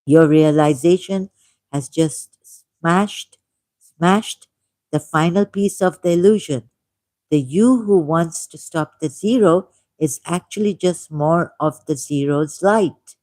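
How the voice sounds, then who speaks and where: A man with a Pakistani accent hosting a livestream, reading a text aloud at a deliberate pace with musing asides and repeated key words. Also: a little high, dark tone, dry recording. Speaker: livestream host.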